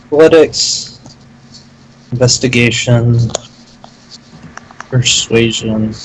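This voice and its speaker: A man's voice: mid-range voice, drawn-out words, a little hiss or hum, low-quality recording. A man playing in a tabletop game, chatty and joking about the action. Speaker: player. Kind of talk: casual tabletop banter.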